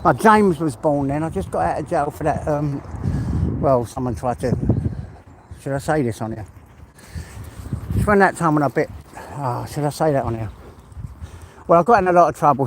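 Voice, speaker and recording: A man's voice: medium pitch, slight background noise. A man chatting casually on a live stream while out walking, swearing freely and laughing often. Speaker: livestream host. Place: outdoors on a walk.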